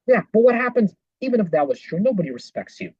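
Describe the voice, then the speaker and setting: A podcast host talks back at clips with indignant, sarcastic rebuttals. The voice sounds husky and the recording is dull, lo-fi and dry, with no room around it. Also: mid-range voice, big pitch swings, fast talker, dark tone, dry recording. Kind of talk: political commentary over clips.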